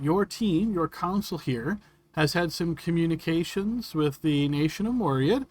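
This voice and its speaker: A man voicing an officious male guild representative, formal and measured as he delivers bad news in a tabletop game. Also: a little high.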